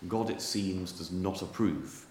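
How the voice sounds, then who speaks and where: A man preaching a sermon, telling stories in a measured, wry manner. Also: deep voice, a little mellow, echoey room. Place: church.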